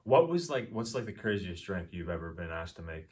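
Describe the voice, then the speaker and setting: A man with a low voice tells stories on a podcast, swearing and acting out the people in them. His voice sounds a little distant, as if he is sitting back from the mic. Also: brisk. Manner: animated storyteller, swearing, acts out voices. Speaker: podcast co-host. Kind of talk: casual chat.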